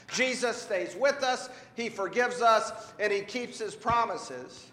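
Male pastor, children's sermon, high voice, slow unhurried delivery, echoey hall with long reverb. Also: animated, a little hiss or hum. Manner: gentle, asks a child questions. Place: church sanctuary.

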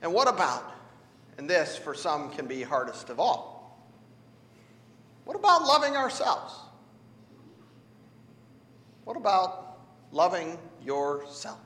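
A man's voice: a little high, sing-song, slow pace, long pauses, bright, forceful tone. A man preaching a sermon in a conversational, playful way, drawing responses from his congregation in a church. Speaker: pastor. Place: church sanctuary. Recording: echoey hall.

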